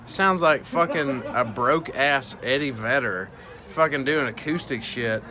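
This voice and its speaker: A man's voice: mid-range voice, a little slow. A tipsy man telling a profane, rambling story, full of fillers and restarts. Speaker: guest storyteller. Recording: loud music playing behind. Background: loud music.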